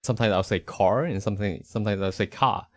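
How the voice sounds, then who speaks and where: Low-voiced man with a slight Rhode Island accent. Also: level tone, racing, a little mellow, dry recording. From Northeastern United States. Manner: easygoing, rambling, many fillers and restarts. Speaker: podcast co-host. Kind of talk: casual conversational podcast chat.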